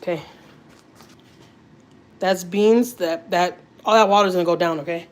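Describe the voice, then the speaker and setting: A woman with a Texan accent chatting casually on a family live stream, animated and repeating herself as she talks while holding a phone in her kitchen. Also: fairly low pitch, unhurried. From Houston, Texas. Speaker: family vlogger. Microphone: handheld phone.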